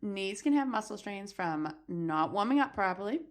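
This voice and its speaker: A woman co-hosting a podcast in casual chat, excitable, laughing often and reading facts aloud. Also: mid-range voice, moderate pace. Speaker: podcast co-host.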